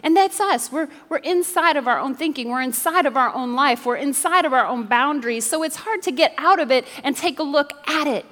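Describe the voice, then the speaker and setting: A woman preaching from the pulpit with a fairly high voice, mixing stories with jokes and asking the crowd to respond. Her voice spreads into the long, ringing reverb of a large church hall. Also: expressive, a little fast, few pauses, fairly bright tone. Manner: playful storytelling with jokes and audience call-and-response. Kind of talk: sermon. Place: church sanctuary.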